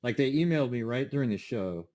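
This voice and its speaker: A man's voice: medium pitch, expressive, fast, warm tone. A man hosting a livestream in rambling casual chat, irritably scolding his chat and losing his train of thought. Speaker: livestream host.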